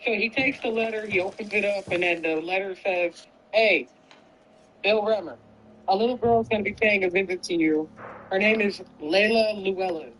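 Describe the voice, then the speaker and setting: A woman gaming streamer casually retelling a story while she plays, animated and full of swearing and acted quotes. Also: medium pitch, normal speed, slight background noise, low-quality recording.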